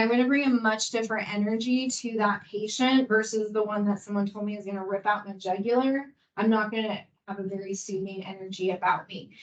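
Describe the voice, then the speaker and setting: A woman's voice: on the high side, a bit bright, dull audio. A young woman giving a casual, encouraging training talk to veterinary hospital staff, full of fillers.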